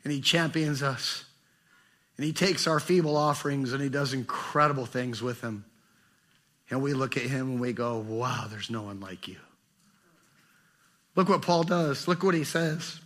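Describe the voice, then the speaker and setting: Fervent preacher man with a bright voice. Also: mid-range voice, moderate pace. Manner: passionate, swinging between fervent and hushed. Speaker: pastor. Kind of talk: sermon.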